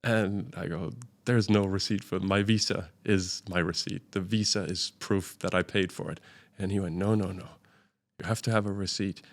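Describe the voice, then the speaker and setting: Low-voiced man telling a travel story. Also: fairly even intonation, normal speed. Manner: vivid anecdote-telling, acting out quoted dialogue. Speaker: interview guest, overland traveler. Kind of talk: storytelling in a conversational interview.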